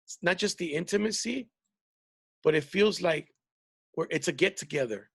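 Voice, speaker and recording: A man's voice: fairly high pitch, normal speed, a bit bright, slightly rough, dry recording, studio quality. A man hosting a podcast as a comedian, telling rambling, profane stories in casual chat with many restarts.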